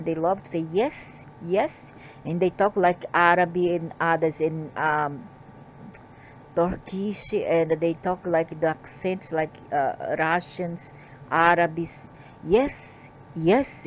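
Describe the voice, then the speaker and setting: A woman delivers channeled spiritual messages in a slow, drawn-out way, pitched a little low. She rambles and turns defiant and scolding. The recording is dull and lo-fi, with faint noise behind her. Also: darkish tone. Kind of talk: reading channeled messages with angry asides.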